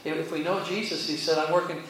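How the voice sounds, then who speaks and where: A man's voice: fairly high pitch, fairly even intonation, fast talker, fairly bright tone. A man preaching a conversational Bible lesson, folksy and chuckling, who keeps checking in with his listeners. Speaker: pastor. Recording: very echoey hall, mic far off, faint hiss.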